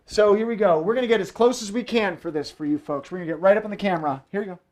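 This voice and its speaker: Rapid-fire and high-voiced with a darkish tone, this man is performing fire tricks live from a room at home. He jokes around and whips up the audience, full of playful showman energy.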